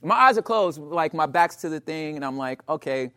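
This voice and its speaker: A man's voice: on the high side, moderate pace. A man with a Los Angeles accent doing stand-up, telling a story to the crowd and acting out the voices. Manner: animated, talks to the crowd, acts out voices. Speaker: stand-up comedian.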